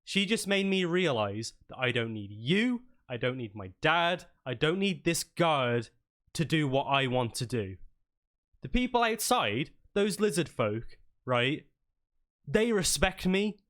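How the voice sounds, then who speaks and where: A man's voice: medium pitch, animated, slow. A man voicing a defiant young male guardsman who speaks emphatically.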